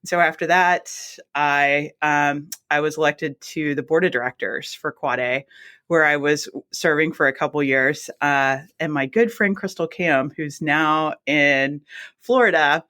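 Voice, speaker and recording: A woman, a guest telling her career story in a chatty, animated way and acting out her own reactions. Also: low voice, unhurried. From South Mississippi. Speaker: guest, anesthesiologist assistant. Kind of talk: casual storytelling interview.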